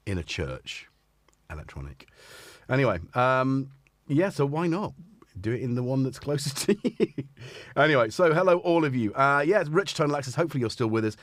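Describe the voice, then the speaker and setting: A man's voice: mid-range voice, no echo. A man hosting a live synth stream in casual chat, rambling and self-deprecating, tired and a little sore-throated. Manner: rambling, self-deprecating, playful asides to his cats.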